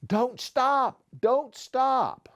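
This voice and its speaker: A man reading aloud and voicing an excitable schoolboy who yells urgently, in a raised voice. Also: mid-range voice, takes it slowly, natural voice. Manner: urgent, yelling.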